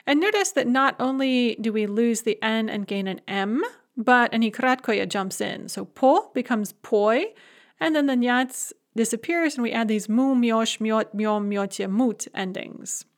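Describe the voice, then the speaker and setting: A woman teaching a recorded grammar lesson, clear and methodical, drilling word forms one after another. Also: a little high, a little slow. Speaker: language teacher.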